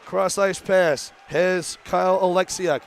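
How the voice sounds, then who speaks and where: A young man doing radio play-by-play for a college hockey game, rattling off rapid calls that rise into shouts on shots. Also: sits high, steady tone, creaky, a little hiss or hum. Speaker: play-by-play announcer. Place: arena broadcast booth.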